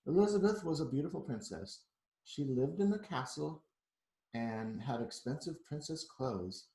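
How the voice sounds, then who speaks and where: A man reading a picture book aloud to children, pausing for chatty asides. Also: medium pitch, vocal fry, darkish tone, reverberant. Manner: chatty, adds asides to the kids.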